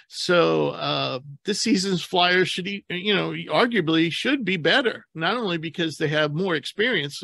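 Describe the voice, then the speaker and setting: A man's voice: a little high, creaky, sharp tone, no room sound. A man hosting a basketball podcast in a rambling, chatty way, often correcting himself mid-sentence. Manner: rambling, self-correcting, laughs easily. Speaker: podcast host. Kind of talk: casual sports podcast chat.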